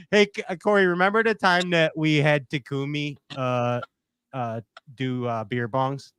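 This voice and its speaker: A man's voice: fairly high pitch, steady tone, unhurried, a bit bright, smooth, no room sound. A man hosting a casual fishing chat over a video call, teasing his guests and laughing often. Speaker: host.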